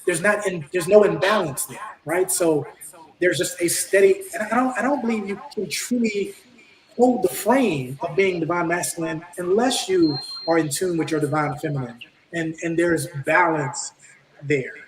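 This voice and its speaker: Man, spiritual coach, higher voice, echoey room, far from the mic. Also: moderate pace. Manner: earnest, repeats "right?". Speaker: ascension coach. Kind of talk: panel conversation. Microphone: video call. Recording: roomy, distant mic.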